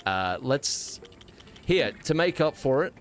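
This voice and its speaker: A man's voice: medium pitch, very animated, takes it slowly. A man with an Australian accent streaming a game, chatting casually and playfully with a mock-indignant edge. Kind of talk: casual live-stream chat while gaming.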